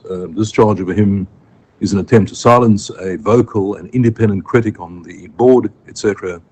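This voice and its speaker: A deep-voiced man with a South African accent makes a formal legal argument to a judge. He speaks in a measured way, pausing on ums and correcting himself mid-phrase. Faint room noise sits under the live courtroom stream. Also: darkish tone, poor audio. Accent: South African English. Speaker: advocate addressing the court.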